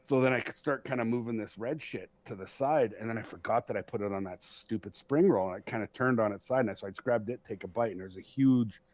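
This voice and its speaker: A man's voice: lowish voice, quick pace, few pauses. Profane man telling stories. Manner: profane, animated storyteller who laughs at himself. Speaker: podcast host. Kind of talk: casual storytelling chat. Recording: dull lo-fi sound.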